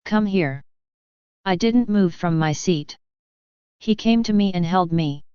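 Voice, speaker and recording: A woman narrates a novel in the first person at an unhurried pace. Her voice is very clear and sits a little low. The recording is dry and slightly dull. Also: mellow, no echo. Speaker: audiobook narrator.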